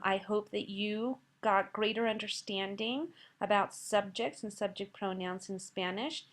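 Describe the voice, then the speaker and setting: Woman narrating a spanish slide lesson, patient, encouraging, keeps asking did you remember. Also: medium pitch. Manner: patient, encouraging, asks quiz questions to the listener; pronounces Spanish words carefully between English explanations. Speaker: Spanish teacher.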